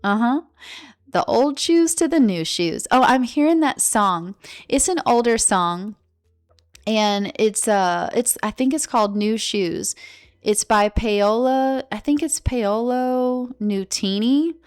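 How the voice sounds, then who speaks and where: A woman's voice: fairly high pitch, slow pace, clear, resonant tone. A woman reading tarot in a casual, chatty and emotional way, giving a spiritual talk indoors. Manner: chatty, emotional, laughs often. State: tearful. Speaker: tarot reader.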